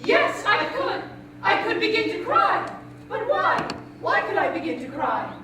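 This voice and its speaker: A woman's voice: very high-pitched, very animated, a little slow, noisy background, exaggerated voice. An actress playing a frightened young woman lost in the wild woods, pleading and repeating herself in a stage play. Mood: fearful. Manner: anxious, pleading, repetitive stage speech. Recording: echoey stage audio from a distant mic.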